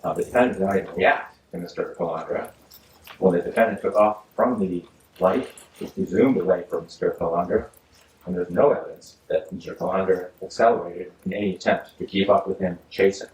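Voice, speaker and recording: A male judge reading a ruling from the bench in a measured, formal way, often pausing with "uh". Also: deep voice, darkish tone, recorded from a distance. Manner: measured, formal legal delivery with frequent uhs. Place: courtroom. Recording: echoey courtroom audio from afar, faint hiss.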